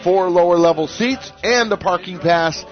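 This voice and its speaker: Chatty radio host, somewhat high voice. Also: male voice, moderate pace, faint music behind. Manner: joking, chatty, rambling. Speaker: radio talk show host. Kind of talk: casual radio talk. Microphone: studio microphone. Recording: dull lo-fi radio audio.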